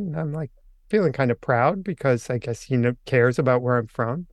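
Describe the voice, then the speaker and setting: An older man, a podcast guest, telling an anecdote in a casual, lively way and acting out the quoted lines. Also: mid-range voice, normal speed, no room sound, clean studio sound. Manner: animated anecdote teller, acts out quotes. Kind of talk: casual storytelling.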